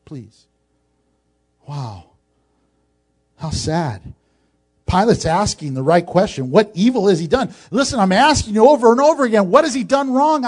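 A man's voice: high-pitched, slightly rough. A male pastor preaching a sermon in a conversational way, with joking asides.

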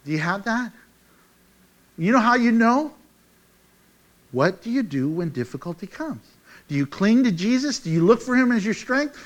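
A man with a high, light voice preaching a sermon. He moves from ringing, raised declarations to quiet, intimate asides, reading scripture and pressing questions on his listeners. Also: animated, normal speed. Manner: preaching with wide swings from loud to hushed. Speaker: pastor.

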